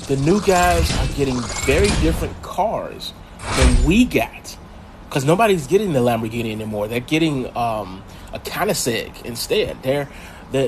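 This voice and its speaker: A man's voice: medium pitch, noisy background. An older man casually commenting while he streams a mobile racing game, rambling with lots of ums and restarts. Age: older adult.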